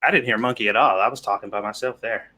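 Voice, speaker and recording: A man's voice: lowish voice, fairly even intonation, fast, bright, forceful tone. A man co-hosting a casual talk show, thinking aloud with lots of "like" in loose, rambling sentences. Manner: rambling opinions, frequent "like" fillers. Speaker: podcast co-host. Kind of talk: casual chat.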